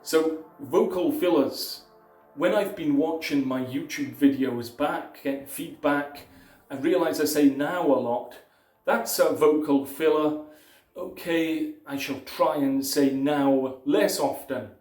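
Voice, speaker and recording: A man presenting a casual advice video, explaining points in a measured way with occasional restarts. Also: a little high, darkish tone, echoey room, soft background music, rough recording. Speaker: YouTube presenter. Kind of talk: casual advice talk to camera.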